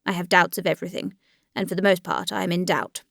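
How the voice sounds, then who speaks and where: A woman's voice: lowish voice, little pitch movement, gravelly, a bit bright, dry recording, studio quality. A woman voicing a doubting, uneasy young man. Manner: halting, uneasy inner speech. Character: troubled young man doubting his faith.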